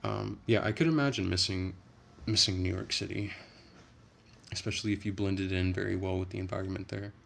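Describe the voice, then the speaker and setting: A man's voice: low voice, steady tone, a little fast, creaky, fairly bright tone, slight background noise. A man chatting casually on a livestream, rambling and profane, with frequent restarts.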